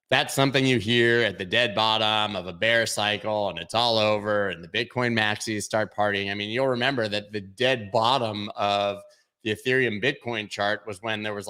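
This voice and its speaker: A man's voice: lowish voice, fairly bright tone. A man hosting a casual crypto livestream, chatting through charts and making jokey asides to his viewers. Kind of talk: casual livestream market commentary.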